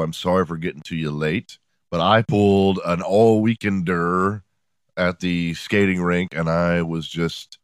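A man's voice: low-pitched, clear, resonant tone, no echo, clean studio sound. A middle-aged man hosting a podcast, telling a story in a casual, profane, sarcastic comic monologue from home. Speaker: podcast host. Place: home room.

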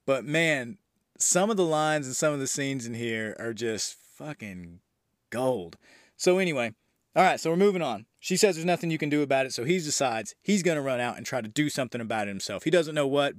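A man talks through a horror movie scene by scene in a casual, excited podcast recap, with plenty of fillers and a swear now and then. His voice sits at an ordinary middle pitch. The sound is close and dry, with no room around it. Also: a little fast, dry recording. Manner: loose and enthusiastic, with frequent fillers and the odd swear. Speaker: movie review podcast host.

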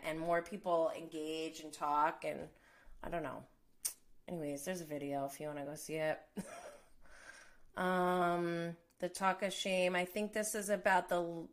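This thirtysomething reality TV commentator has a lowish, fairly bright voice. She chats casually about the latest gossip, packed with "like"s, laughing between lines and venting with indignant outbursts.

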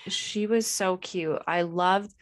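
A woman's voice: on the low side, fairly even intonation, slow. A woman co-hosting a podcast, gushing with enthusiasm as she retells scenes in casual chat. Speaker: podcast co-host. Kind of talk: casual book club chat.

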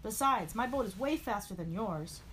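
A woman's voice: mid-range voice, expressive, moderate pace, a bit bright, slight background noise, close to an everyday voice. Woman doing a boastful sneaky rival truck, smug and scheming.

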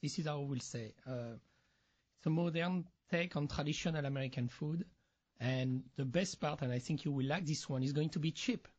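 French chef guy, husky voice, a bit high, muffled lo-fi sound. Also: a little mellow. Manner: earnest, halting non-native phrasing. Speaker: chef guest. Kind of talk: casual interview. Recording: muffled lo-fi audio.

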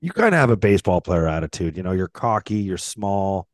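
A man's voice: deep voice, very animated, fairly quick, no echo. A man co-hosting a casual sports chat, teasing his friends with profane banter. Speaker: podcast co-host, former hockey player.

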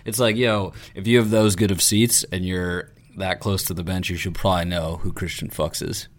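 Dude joking around, swears a lot, lowish voice. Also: male voice, steady tone, moderate pace. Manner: crude, joking, laughs while talking. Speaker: podcast co-host. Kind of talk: casual chat.

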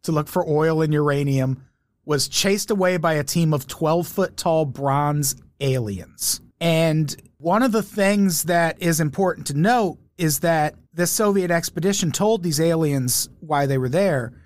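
A man's voice: on the high side, measured pace, no room sound. Male podcast co-host, sarcastic, swears freely, casual takedown chat. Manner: sarcastic, mocking, profane. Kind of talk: casual chat reviewing a documentary.

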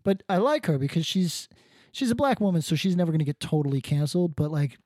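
A man co-hosting a podcast talks in a loose, rambling way, with sardonic asides and plenty of swearing. His voice sits a little high for a man. The sound is close and dry, with no room echo. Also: very animated, fast talker, darkish tone. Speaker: podcast co-host. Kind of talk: casual podcast chat.

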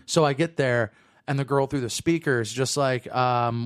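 A man in his early thirties chats on a podcast, animated and profane as he tells a story. His voice sits at an ordinary middle pitch. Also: normal speed, clear, resonant tone. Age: 30s. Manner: animated storytelling, swearing freely. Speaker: podcast co-host. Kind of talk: casual podcast chat.

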